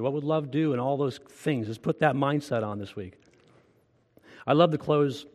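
A man's voice: mid-range voice, long reverb tail. A man preaching a sermon as pastor, earnest and conversational, asking the congregation direct questions. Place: church.

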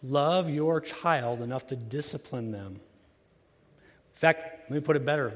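Pastor guy preaching, mid-pitched voice, earnest, slows way down on the big lines, long hall echo. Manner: earnest, slows and softens for emphasis. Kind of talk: sermon.

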